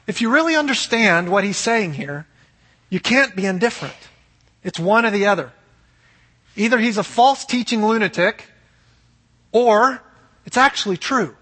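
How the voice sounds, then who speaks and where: A man's voice: high voice, animated, normal speed, pauses often, bright, forceful tone, breathy edge, long reverb tail. A man preaching a sermon as pastor, earnest and emphatic, asking rhetorical questions.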